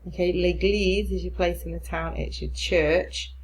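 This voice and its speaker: A woman's voice: lowish voice, steady tone, unhurried, darkish tone, rough recording. A woman, a French teacher explaining step by step in a recorded remote lesson, encouraging her pupils.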